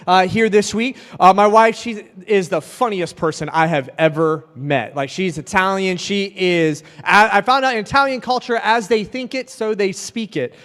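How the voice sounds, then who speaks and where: Speaking at a youth event, a man in his thirties preaches with a high, slightly bright voice at a normal pace and barely pauses. He jokes, tells stories, and keeps the sermon conversational. The hall around him gives the recording a lot of reverb.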